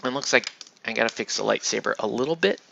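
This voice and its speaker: A man's voice: medium pitch, quick pace, vocal fry, pushed and bright, dull audio, a little hiss or hum. A man chatting casually as he paints miniatures, rambling and restarting his sentences, with some mild swearing. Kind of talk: casual chat while painting.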